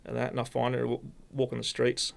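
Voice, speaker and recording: Aussie guy, really gravelly crackly voice, rambles on, keeps restarting, podcast guest. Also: medium pitch, completely flat delivery. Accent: Australian. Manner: rambling, halting, many restarts. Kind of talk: casual storytelling.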